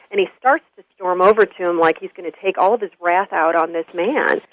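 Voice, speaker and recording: A woman guest telling a story in an earnest, animated interview. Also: on the low side, moderate pace, dry recording. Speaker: guest, school consultant. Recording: dull lo-fi radio audio.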